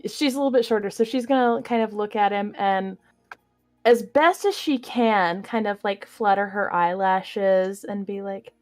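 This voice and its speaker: A woman host playing a tabletop game, chatty and quick to laugh. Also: mid-range voice, no room sound, faint music behind. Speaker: player and channel host. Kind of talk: casual tabletop game play.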